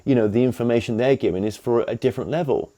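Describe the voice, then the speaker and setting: A man from England hosts an interview in a rambling way, full of fillers and fresh starts. His medium-pitched voice is dark in tone, and he talks fast.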